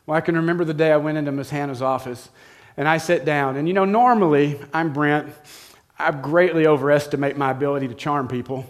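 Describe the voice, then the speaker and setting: A man's voice: on the high side, fairly quick. Storytelling man preaching a sermon. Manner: conversational storytelling, addresses listeners directly. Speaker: pastor.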